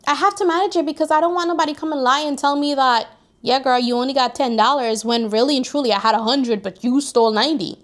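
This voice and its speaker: A young woman in her twenties vlogging casual life advice, animated and preachy, talking straight to her viewers. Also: sits high. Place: New York, recording outdoors near street traffic.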